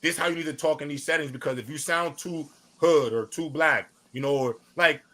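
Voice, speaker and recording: A man's voice: a little high, brisk, bright, forceful tone. A man co-hosting a podcast, arguing his point emphatically in casual chat. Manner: emphatic, argumentative. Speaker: podcast co-host.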